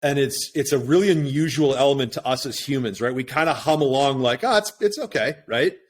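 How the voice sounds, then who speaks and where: A middle-aged man appears as a podcast guest, speaking at a brisk clip in a medium-pitched voice. The conversation is casual and reflective, and he keeps tagging his points with "right?"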